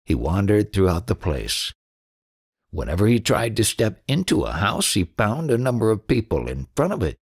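Expressive male storyteller, husky, rather low, very lively intonation. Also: normal speed. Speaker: audiobook narrator. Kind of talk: storytelling narration.

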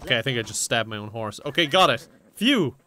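A man's voice: medium pitch, sing-song, quick pace, noisy background. A young man giving chaotic, mischievous gameplay commentary. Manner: chaotic, mischievous, frequent laughter. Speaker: gaming YouTuber.

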